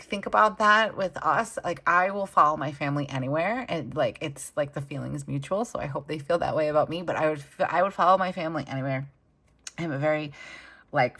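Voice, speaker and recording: A woman's voice: low voice, fairly bright tone, slight background noise. A woman with children chatting casually and enthusiastically as a planner vlogger while she decorates her planner. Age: adult with children. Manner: chatty, enthusiastic, many fillers.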